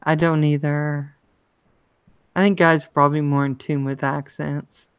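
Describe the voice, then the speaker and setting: Maryland woman hosting a live chat, unhurried and chatty, smooth dry close voice. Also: low-pitched, level tone, no echo. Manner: chatty, greets viewers by name, laughs often. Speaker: livestream host. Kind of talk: casual live chat reading comments.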